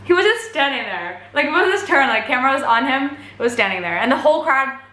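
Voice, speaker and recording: A woman tells a concert story to camera, chatty and gushing, with fillers spilling between her thoughts. Her voice sits a little high and rings bright. The sound bounces around an echoey room. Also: sing-song, quick pace. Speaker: vlogger recounting a concert.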